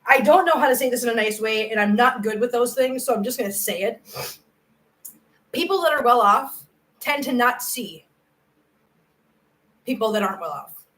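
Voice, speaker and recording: A middle-aged woman hosts a casual livestream and responds to viewer comments. She speaks earnestly and effusively, and her voice sits a little higher than most women's. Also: expressive, moderate pace, pauses often, fairly bright tone, low-quality recording. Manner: earnest and effusive, emotional when praising viewers. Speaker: cat channel livestream host.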